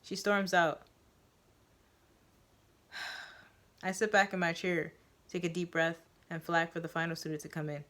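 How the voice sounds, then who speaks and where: A woman narrating a first-person story in a measured, dramatic reading. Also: lowish voice, little pitch movement, a bit bright.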